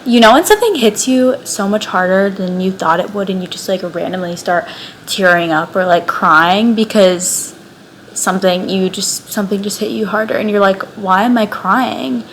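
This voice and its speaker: A young woman talks casually to her camera about the books she is reading. She is chatty and excitable, filling her sentences with "like". Her pitch sits in the middle, and a faint hiss runs under the home recording. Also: moderate pace, poor audio. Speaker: book vlogger. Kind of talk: casual reading vlog chat.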